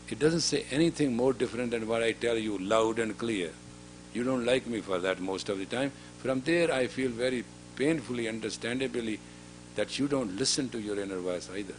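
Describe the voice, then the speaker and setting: Giving a lecture to a women's class, a man in his fifties who is a spiritual teacher admonishes his audience bluntly and often throws questions back at them. His voice is medium in pitch, with a little hiss or hum in the recording.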